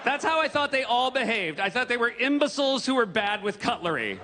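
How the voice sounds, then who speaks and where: A middle-aged American man doing stand-up on a big theater stage, his voice pitched fairly high and lively as he tips into loud, exaggerated bursts. A long hall reverb trails his words while audience noise fills the background. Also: brisk. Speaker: stand-up comedian. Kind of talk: stand-up comedy set.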